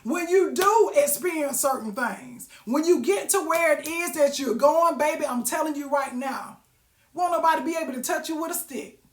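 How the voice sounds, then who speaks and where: A woman's voice: high-pitched, moderate pace, roomy sound. A woman giving a sassy, preachy motivational talk, calling listeners baby and honey. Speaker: motivational vlogger.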